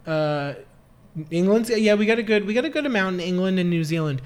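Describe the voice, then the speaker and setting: A man's voice: high-pitched, lively intonation, a little fast, clear, resonant tone. A man co-hosting a casual podcast, bubbly and campy, often laughing. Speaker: podcast co-host.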